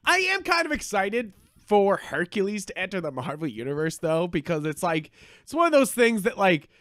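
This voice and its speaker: Male podcast co-host, high bright voice, very lively delivery, dry close sound, casual and profane. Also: moderate pace, no echo. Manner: animated, swears freely, acts out reactions in quotes. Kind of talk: casual movie review chat.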